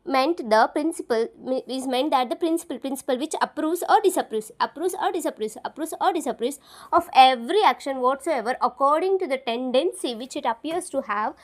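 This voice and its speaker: A woman tutors for an exam in a high, animated voice that runs a little fast. It's a study-along lesson: she says each key term aloud several times to memorize it and spells words out letter by letter.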